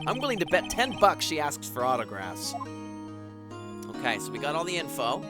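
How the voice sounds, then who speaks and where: A man's voice: a little high, very animated, normal speed, loud music behind the voice. A man casually commenting while playing a game live, laughing at himself in asides. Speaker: streamer. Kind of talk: live let's-play commentary.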